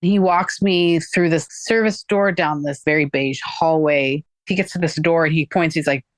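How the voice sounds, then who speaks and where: Here a female guest with a deep voice recounts something that happened to her, at normal speed and with fairly even intonation. Her tone is frank and chatty, full of "like," and she performs the quoted dialogue. There's no echo.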